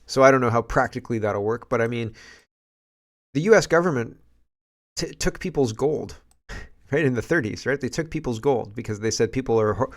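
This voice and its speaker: A man with a gravelly, fry-laden voice talks through news clips as a show host. He muses casually, pausing to react and think out loud. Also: mid-range voice. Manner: musing, reacts aloud to video clips. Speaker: political commentary host.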